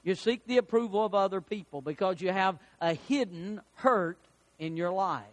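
A middle-aged male pastor preaches a sermon in a voice that sits high, keeping a moderate pace. He is animated and folksy, sharing homely anecdotes between Bible readings.

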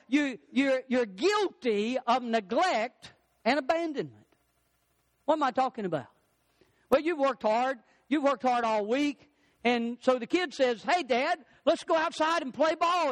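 A middle-aged male pastor preaching a sermon, swinging his pitch and pace for emphasis. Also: dry recording.

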